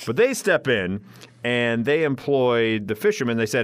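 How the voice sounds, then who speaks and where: A man co-hosting a casual news chat show, telling stories with jokes and an animated delivery. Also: medium pitch, a little fast, dry recording. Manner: joking, animated storyteller. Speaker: co-host.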